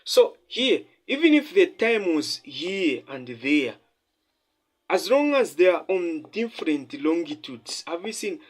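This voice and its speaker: A male tutor explaining a geography calculation, repeating key points for emphasis and quizzing listeners as he sketches. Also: fairly high pitch. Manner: repetitive, quizzing listeners with "the what?" and "have you seen?". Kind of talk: math lesson at a whiteboard.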